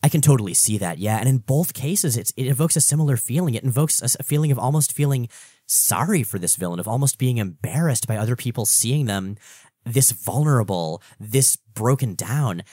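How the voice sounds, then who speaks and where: A man's voice: medium pitch, animated, fairly quick, dark tone, no room sound, clean studio sound. A man hosting a podcast, giving a casual, enthusiastic recap of a comic book story. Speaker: podcast host.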